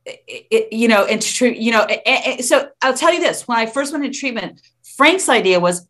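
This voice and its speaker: A woman in her fifties speaking openly as an interview guest, frank and quick to laugh, with some stumbling restarts. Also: fairly high pitch, expressive, fairly bright tone. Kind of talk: candid interview conversation.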